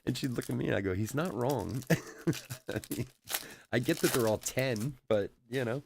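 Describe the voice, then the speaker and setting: A man's voice: medium pitch, moderate pace, creaky, noisy background. A middle-aged man hosting a live card break, chatting casually and telling stories with frequent laughs while calling out cards. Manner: chatty storyteller, laughs often, calls out cards. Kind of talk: casual live-stream chat while opening card packs.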